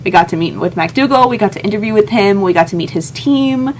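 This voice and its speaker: A woman's voice: mid-range voice, lively intonation, quick pace, slight background noise. A young woman telling a heartfelt personal story in a vlog, earnest and emotional, often quoting her own thoughts. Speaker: vlogger.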